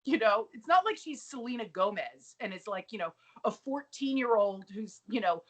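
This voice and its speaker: Speaking at a moderate pace in a slightly high voice, a woman co-hosts a podcast. She's lively and chatty as she discusses a sitcom episode, performing the characters' quoted lines.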